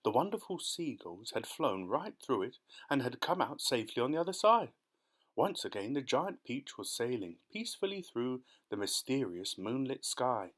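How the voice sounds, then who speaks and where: A man narrating a children's storybook audiobook in an expressive, dramatic way. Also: mid-range voice, normal speed.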